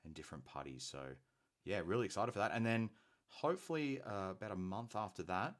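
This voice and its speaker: A man's voice: fairly low pitch, animated, fairly quick. An Australian man hosting a hobby painting live stream, chatty and rambling as he thinks aloud. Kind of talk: casual live-stream chat.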